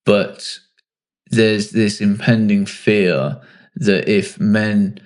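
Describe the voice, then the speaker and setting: A man hosting a podcast, chatting in a relaxed, self-mocking way and thinking aloud. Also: fairly low pitch, measured pace. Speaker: podcast host. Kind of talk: casual podcast chat.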